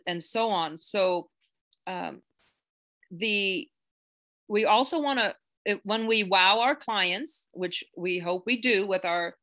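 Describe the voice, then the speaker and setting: A real estate agent teaches a live online class, her medium-pitched voice bright and forceful. She talks earnestly and chattily, full of fillers and restarts, and becomes emotional to the point of nearly crying.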